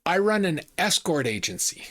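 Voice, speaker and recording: A man voicing a young woman who runs an escort agency, persuasive and careful with her words, pitched slightly high. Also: very animated, moderate pace, a bit bright. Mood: insistent.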